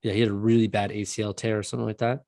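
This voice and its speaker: A man's voice: fairly low pitch, little pitch movement, rapid-fire, vocal fry, a crowd in the background. A man co-hosting a casual sports podcast, talking bluntly with some swearing and frequent restarts. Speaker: podcast co-host.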